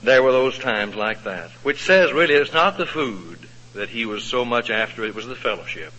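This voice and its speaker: A man's voice: medium pitch, normal speed. Folksy male preacher in an echoing hall. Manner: folksy, expressive, asks the audience questions. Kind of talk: sermon storytelling. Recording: echoey hall, dull lo-fi sound.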